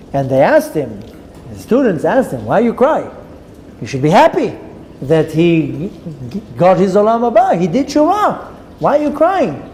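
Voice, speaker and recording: A man's voice: high voice, mellow. A man who is a rabbi, teaching a Torah class by telling a story with dramatic voices for the people in it and Hebrew terms mixed in. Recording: long reverb with faint ambient noise.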